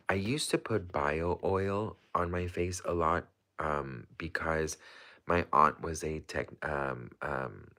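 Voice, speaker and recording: A man chatting casually on a livestream, excitable and rambling with lots of fillers. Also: rumbling low.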